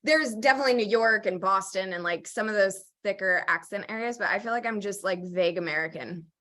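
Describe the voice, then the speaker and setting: A woman's voice: mid-range voice, brisk, sharp tone. A young woman from Oregon hosting a podcast, chatting casually and joking about herself, with lots of "like" and "um". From Oregon, US Pacific Northwest. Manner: chatty, self-deprecating, lots of "like" and "um". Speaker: podcast host. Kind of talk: casual chat.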